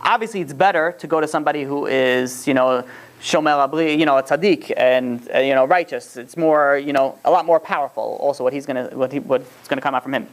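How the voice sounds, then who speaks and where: A fast-talking man teaches an informal religious lesson. He often restarts his phrases and rambles along. He mixes in stories as he goes. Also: medium pitch.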